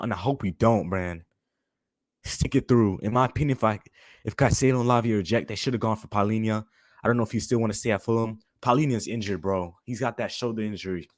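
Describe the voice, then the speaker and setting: A man's voice: on the low side, no echo, clean studio sound. A young man hosting a fan stream, ranting angrily and repeating "bro" constantly. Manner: heated, repetitive, says "bro" constantly. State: fuming. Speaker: fan channel host. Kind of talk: angry live-stream rant.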